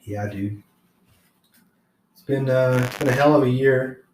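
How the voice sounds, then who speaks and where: A man's voice: medium pitch, unhurried, a little mellow, echoey room, slight background noise, poor audio. A man co-hosting a casual podcast from his couch, laid-back and joking with crude banter. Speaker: podcast co-host. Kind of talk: casual chat. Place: living room couch.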